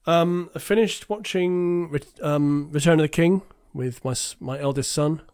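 An English man co-hosting a podcast, chiming in with quick, dry quips. His voice sits a little high for a man. It is recorded close and dry. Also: a little mellow, clean tone, no room sound. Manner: quick, wry interjections. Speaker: podcast co-host. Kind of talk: casual chat.

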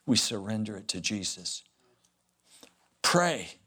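A man preaching a revival sermon as pastor, swinging between loud fervent warnings and hushed pleading. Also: fairly low pitch, big pitch swings, slow pace, breathy edge.

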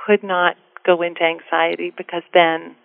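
A woman's voice: fairly low pitch, little pitch movement, normal speed, vocal fry, clear, resonant tone, no room sound. A middle-aged woman, a guest author, speaking earnestly and from the heart in a casual interview. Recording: tinny phone line.

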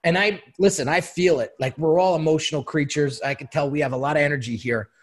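A man's voice: on the high side, fast talker. A man who is a podcast guest, telling candid stories in a conversational way and often repeating words as he starts a sentence. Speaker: branding consultant guest.

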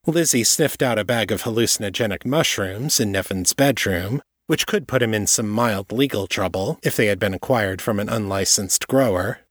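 A man narrating an audiobook chapter in a measured, steady way. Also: on the low side, no room sound, studio quality. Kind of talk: scripted narration.

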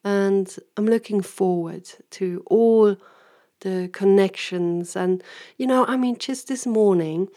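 Woman, warm relaxed timbre, chatty storyteller who rambles and laughs. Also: mid-range voice, slow pace. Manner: rambling, laughs often, acts out quoted voices. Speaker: vlogger and coach. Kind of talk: casual personal storytelling.

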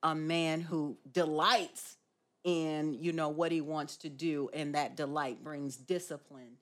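Podcast host, woman, low and unhurried, earnest and encouraging. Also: fairly even intonation. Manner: earnest, encouraging, many fillers. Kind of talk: casual chat.

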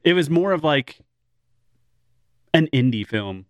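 A man in a casual movie review chat, talking in a lively, swooping voice and laughing often. He rambles loosely, tossing in filler as he goes. The sound is close and dry. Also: a little high, measured pace, dry recording.

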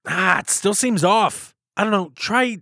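Young male director, stammers when excited, lively pitch, dry close sound. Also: a little slow, gravelly, dry recording. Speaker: amateur film director. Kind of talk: casual banter.

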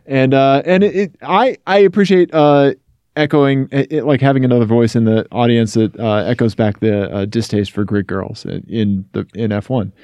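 A man's voice: mid-range voice, steady tone, moderate pace, darkish tone, smooth, dry recording, muffled recording. A man from Missouri co-hosting a podcast in casual chat, talking with many fillers and restarts. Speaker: podcast co-host.

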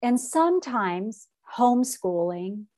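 Animated middle-aged woman telling a story. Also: on the high side, slow pace. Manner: animated, emotional storyteller acting out quotes. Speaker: podcast guest. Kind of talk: conversational storytelling.

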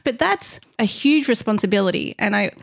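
A woman's voice: mid-range voice, lively intonation, fairly quick, gravelly. A woman co-hosting a casual podcast, talking about her business in an earnest, heartfelt way. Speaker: podcast co-host, business owner.

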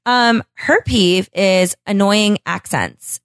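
A woman's voice: medium pitch, slow, clean tone, no room sound. A woman hosting a casual podcast, blunt, profane and sarcastic as she mocks what she reads. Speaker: podcast host.

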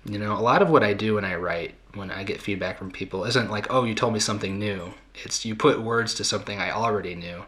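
A man's voice: fairly low pitch, quick pace, few pauses, a bit bright. A middle-aged man hosting a podcast, talking through listener questions in a thoughtful, conversational way with fillers and restarts. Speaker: podcast host. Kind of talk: reflective talk answering listener questions.

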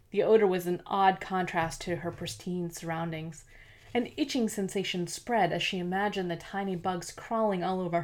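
A woman narrates a novel in a steady, measured way, her voice sitting on the lower side. The reading is scripted audiobook narration, even and unhurried.

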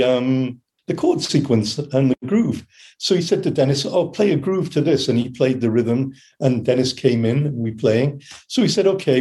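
An older man with a mellow, warm voice recounts studio stories casually in a middle-pitched voice. He acts out quotes from the people in his stories and hums melodies to show how the music went. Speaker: session keyboard player telling studio stories. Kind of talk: casual storytelling interview.

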